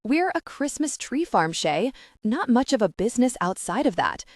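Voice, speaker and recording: A woman's voice: on the high side, very animated, normal speed, no echo. A patient young cowboy with a dry, teasing way of talking, played by a woman reading a romance audiobook. The voice swings up and down with life. It sits close and dry, with no room around it.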